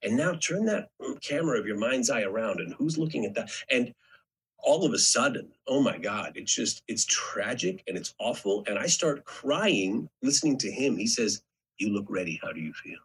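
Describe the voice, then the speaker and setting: A man's voice: medium pitch, moderate pace, breathy edge, poor audio. A middle-aged man, a guest actor, telling stories in a casual podcast chat and acting out the quotes in them. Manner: animated storyteller, acts out quotes.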